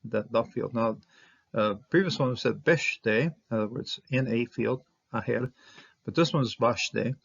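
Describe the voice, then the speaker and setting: A man teaching a casual verse-by-verse Hebrew lesson, halting and thinking aloud with many fillers and small chuckles. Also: mid-range voice, gravelly, husky. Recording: dull lo-fi recording.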